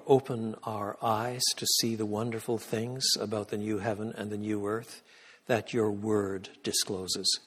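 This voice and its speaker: A man delivers a sermon-style lecture in a church, his voice slightly husky. He hammers his key points loudly, then sinks into a hushed, reverent prayer. The sound rings with the long reverb of the church hall. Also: fairly low pitch. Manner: emphatic, swings from loud peaks to hushed prayer. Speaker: guest lecturer.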